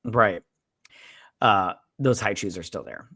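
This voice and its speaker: A man's voice: on the low side, slow pace, pushed and bright, breathy edge, no echo, studio quality. A man co-hosting a casual podcast, retelling a movie in a blunt, crude, joking way with put-on quotes. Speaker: podcast co-host. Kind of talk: casual drunk movie recap.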